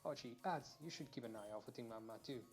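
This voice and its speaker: A man's voice: medium pitch, fast, lightly acted. A man reading out game dialogue as an earnest adult male gang boss, in close to his own ordinary voice over faint music.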